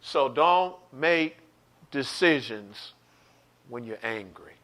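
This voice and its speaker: A man preaching an online Bible study, animated, repeating words and calling out to his listeners. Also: medium pitch, slow. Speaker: pastor teaching a Bible study.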